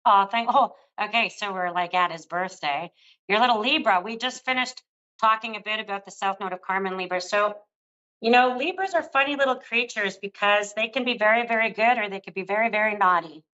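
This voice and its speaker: Older female psychic host, gentle and affectionate reading, bright tone, muffled lo-fi sound. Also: medium pitch, a little fast. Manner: soothing, affectionate, calls the caller love. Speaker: psychic reader. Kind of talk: live psychic reading on air.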